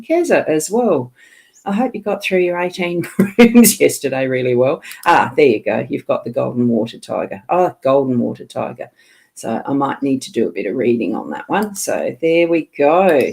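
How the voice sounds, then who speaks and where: A woman's voice: low-pitched, slightly rough. Chatty middle-aged woman reading cards. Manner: chatty, warm asides to viewers, laughs often. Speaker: psychic medium card reader. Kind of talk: live-streamed card reading with viewer chat.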